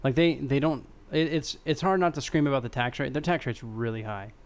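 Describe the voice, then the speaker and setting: A man co-hosting a podcast, talking in a rambling, halting way with a sarcastic edge. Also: medium pitch. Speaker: podcast co-host. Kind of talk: casual chat.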